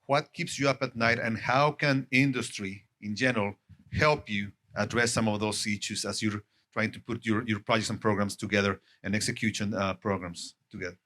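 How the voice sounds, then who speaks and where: Man, panel moderator; low voice, measured questioning. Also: fairly even intonation, fairly bright tone. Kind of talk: panel discussion.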